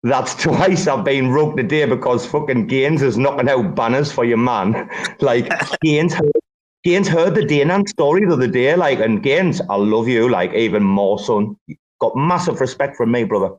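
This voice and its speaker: Young male host, casual live chat, loose swearing banter. Quick and jokey. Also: medium pitch, highs cut off. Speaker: host of the space. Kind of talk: casual crypto chat on a live audio space.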